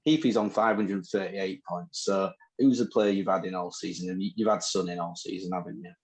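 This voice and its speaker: Brisk and low-voiced, this northern English podcast co-host speaks with fairly even intonation while trading teasing banter in a casual chat. He's from northern England, and the recording is rough.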